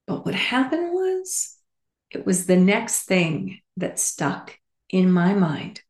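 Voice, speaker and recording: A woman podcast host telling a personal story in a candid, animated way with casual asides. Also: medium pitch, slow pace, echoey room.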